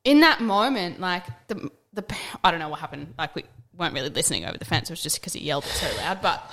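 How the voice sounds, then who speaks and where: A woman's voice: on the low side, fast. A young adult woman, chatting earnestly as a podcast co-host and acting out the people in her stories. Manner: earnest, animated storyteller, acts out quotes, swears casually. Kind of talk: casual chat.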